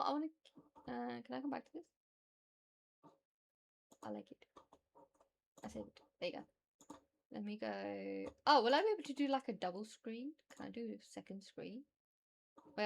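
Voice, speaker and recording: A woman's voice: fairly high pitch, vocal fry. A British woman streamer chatting casually and rambling, laughing often as she reacts to her chat.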